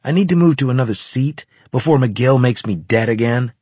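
A man voicing Carlos, a joking, complaining male marine buddy who talks loud. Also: mid-range voice, animated, a little fast, husky, dry recording, pitched above the performer's own voice.

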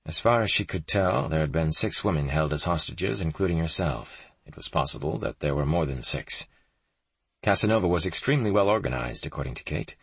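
A man narrating a thriller audiobook in a measured, grave manner, with a gravelly, husky voice. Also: rumbling low, lively intonation, a bit bright, no room sound.

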